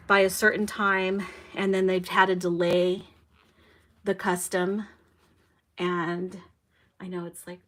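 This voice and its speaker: Chatting on a casual live stream, a young adult woman reads viewer comments aloud and reacts with animation. Her mid-range voice moves slowly, pausing often.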